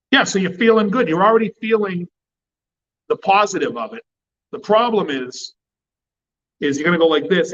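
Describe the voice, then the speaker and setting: This cigar-channel host's voice is a little high and fairly bright, though the audio sounds dull. He's chatting casually on a livestream, blunt and profane throughout.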